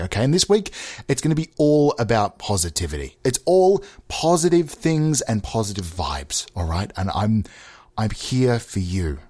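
A man's voice: fairly low pitch, darkish tone. A man hosting a podcast, delivering a rambling, self-mocking comedic monologue into a microphone with mock sincerity. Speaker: podcast host.

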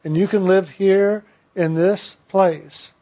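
A man voicing a calm male spirit guide who speaks gently and persuasively, in his own high voice. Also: slow. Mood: gentle.

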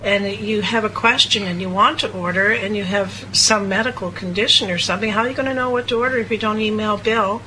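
A woman co-hosting a talk radio show, speaking in an emotional, rambling, confessional way. Her voice is bright and forward at an ordinary pitch. A faint hiss of noise sits beneath it. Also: a little fast, hardly any pauses, rough recording. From Cape Breton, Nova Scotia, Canada. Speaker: co-host.

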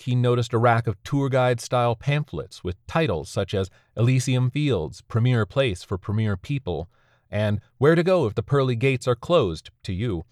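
An audiobook narrator reads a scripted story in an even, measured manner. His pitch is medium, and the clean studio recording has no echo.

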